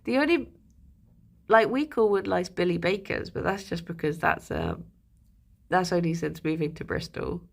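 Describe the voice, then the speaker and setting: A woman chatting casually on a live stream. She rambles with plenty of fillers and coos at her pets in a higher voice. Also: normal speed, vocal fry.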